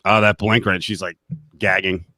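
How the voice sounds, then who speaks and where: A man's voice: deep voice, little pitch movement, moderate pace, loud music behind the voice. A man hosting a radio show in casual banter, making wry, rambling asides.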